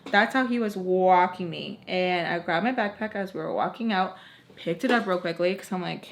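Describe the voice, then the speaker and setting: A woman's voice: fairly low pitch, normal speed. Young woman rambling through a storytime. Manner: rambling, lots of "like" fillers, animated retelling. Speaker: vlogger. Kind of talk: casual storytime.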